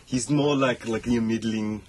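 A man in casual chat about films, animated and joking, swearing freely. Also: mid-range voice, a little slow, slight background noise, low-quality recording.

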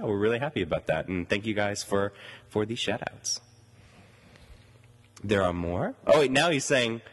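A man with a lowish voice hosts a casual podcast, rambling along with many fillers. His pitch leaps sharply upward whenever he gets excited. He sometimes talks with guests at a convention booth. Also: normal speed, long pauses. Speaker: podcast host. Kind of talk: casual podcast chat and interview.

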